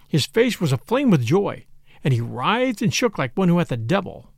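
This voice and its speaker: A man narrating a dark tale in the first person, grave and impassioned. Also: a little high, big pitch swings, normal speed, gravelly, dry recording, clean studio sound. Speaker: audiobook narrator.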